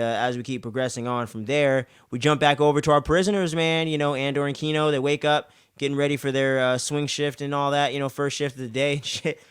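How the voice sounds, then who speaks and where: A man's voice: mid-range voice, fairly bright tone, smooth, no echo, studio quality. A young man hosting a podcast, recapping an episode in loose, profane casual talk, filling his sentences with "man" and "uh". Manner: loose and profane, acts out characters' lines in exaggerated voices; many fillers like "man" and "uh".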